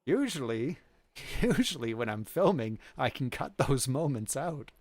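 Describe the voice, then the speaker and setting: A man's voice: medium pitch, big pitch swings, a little slow, darkish tone, dry recording. A man hosting a game livestream, chatting loosely and reacting to his chat as he plays. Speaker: livestream host. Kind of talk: casual chat while playing a game.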